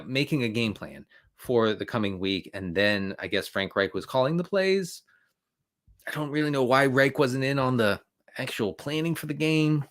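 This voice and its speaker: A man answering fantasy football questions live, rambling and animated, slipping into sarcastic rants with frequent restarts. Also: medium pitch. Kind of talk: live Q&A stream, casual sports talk.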